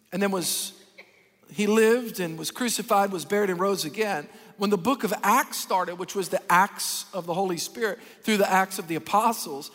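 A man preaching a sermon as pastor, animated and folksy, acting out the people he talks about. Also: sits high. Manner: animated, folksy, acts out Bible characters. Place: large church hall. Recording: long reverb of a church hall.

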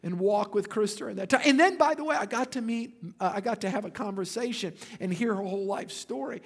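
A man's voice: sits high, fairly quick, husky. A man, preaching a sermon and telling stories with joking asides to the congregation. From Louisiana. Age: 50s. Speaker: pastor.

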